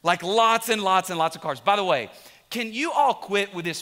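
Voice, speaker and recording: A man preaching a sermon as pastor, animated and joking at times, then quiet and confessional. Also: high-pitched, moderate pace. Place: large church auditorium. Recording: long reverb of a big hall.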